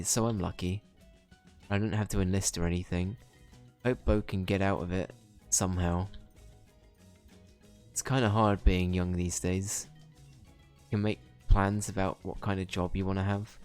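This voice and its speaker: A man's voice: low voice, darkish tone. A man streaming a video game, reading its dialogue aloud with casual, joking asides. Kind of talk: casual let's-play commentary.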